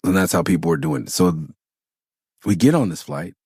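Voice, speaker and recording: A man in his forties from Los Angeles, hosting a podcast and telling stories in an animated, profane way. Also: low voice, moderate pace, vocal fry, husky, dry recording, clean studio sound. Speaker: podcast host. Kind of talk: casual storytelling.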